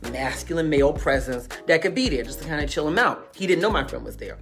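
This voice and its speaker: A woman telling a personal story in a casual, animated way, calling the listener baby and honey. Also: low-pitched.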